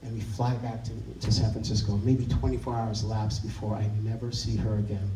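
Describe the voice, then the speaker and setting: A man's voice: on the low side, flat delivery, brisk, background noise. A man telling a wry, self-mocking comic story on stage at a live show. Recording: distant roomy live stage recording.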